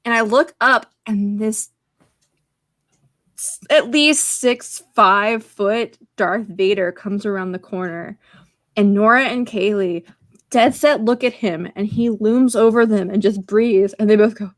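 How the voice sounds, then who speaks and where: Woman podcast co-host, higher register, gushing and talkative, dry close-mic sound. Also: dry recording. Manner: excitable and chatty, strings stories together with "like". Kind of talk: casual podcast chat.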